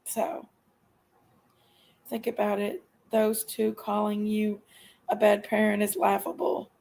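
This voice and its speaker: A woman's voice: mid-range voice, flat delivery, slow pace, gravelly, darkish tone, rough recording. A middle-aged woman, venting on a live stream with emphatic repetition. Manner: aggrieved, emphatic venting, repeats herself. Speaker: livestream host. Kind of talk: casual live-stream rant.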